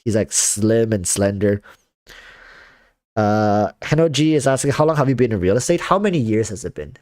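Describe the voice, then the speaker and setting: A man's voice: lowish voice, expressive, moderate pace, darkish tone, no room sound, studio quality. A man chatting casually on a livestream, rambling with lots of fillers and restarts, reading viewer comments. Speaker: streamer.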